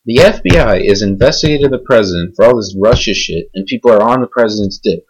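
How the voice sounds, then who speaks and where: On a muffled recording, a young podcast host with a lowish, slightly rough voice talks fast in an angry, unscripted rant. Profanity fills his speech, and he wanders from point to point.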